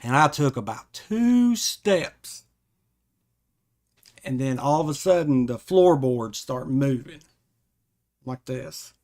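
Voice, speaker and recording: Slow-talking man telling a story. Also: mid-range voice. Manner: rambling, self-correcting, animated retelling. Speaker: podcast host. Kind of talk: casual storytelling.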